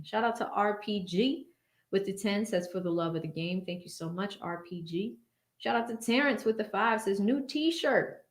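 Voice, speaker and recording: A woman hosting a casual livestream from a home studio, chatting, laughing often and thanking viewers by name as she reads their messages. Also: on the low side. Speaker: livestream host reading superchats. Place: home studio with blue backlight.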